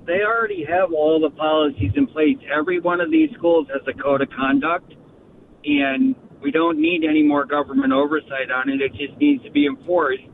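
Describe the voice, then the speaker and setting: A man's voice: on the high side, normal speed, vocal fry. A man calling in to a radio talk show, arguing his point firmly and bluntly. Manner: firm, blunt, insistent. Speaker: caller. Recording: tinny phone line with faint noise.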